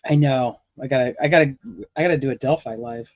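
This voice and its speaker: A man's voice: medium pitch, fast, darkish tone, no echo. A man hosting a casual livestream, chatting with his viewers, swearing now and then, with a sore throat. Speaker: livestream host. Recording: dull lo-fi dry sound.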